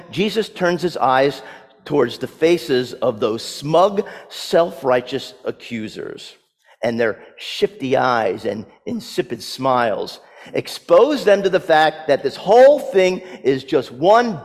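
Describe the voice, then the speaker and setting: A male preacher with a high, animated voice tells his story with vivid drama and sly humor. His words bounce up and down in pitch and hang in the long reverb of a large hall. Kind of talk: sermon.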